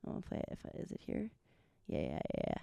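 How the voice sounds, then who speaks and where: A woman's voice: fast talker, warm tone. A young woman co-hosting a podcast in casual chat, rambling with lots of fillers and frequent laughter. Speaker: podcast co-host.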